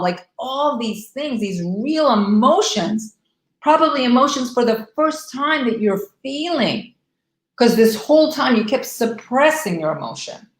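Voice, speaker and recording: A middle-aged woman hosts a live stream, talking straight to her viewers with emphatic, animated conviction. Her voice sits at an ordinary middle pitch. The sound comes from a room with a noticeable echo. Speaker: life coach hosting a live stream.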